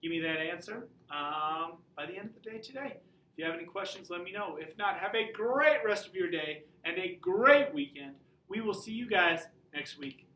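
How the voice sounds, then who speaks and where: A high school teacher giving a casual, joking class update in an informal, chatty way. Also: lively intonation, normal speed, bright, forceful tone, recorded from a distance, a little hiss or hum. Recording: roomy audio from away from the mic.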